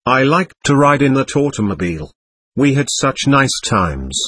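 A man's voice: mid-range voice, big pitch swings, moderate pace, a bit bright, breathy edge, no echo. A man voicing the petulant, defiant spirit of a young girl in an audiobook reading of a seance record. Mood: defiant, sulking. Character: angry spirit of a young girl, willful and stamping.

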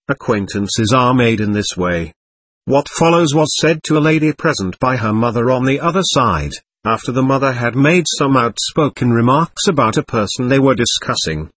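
A man reads a book aloud in a husky voice with lively, rising and falling pitch. The recording is dry and close, with no room sound around him. He calls out page numbers between passages. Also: normal speed, no room sound. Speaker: audiobook reader.

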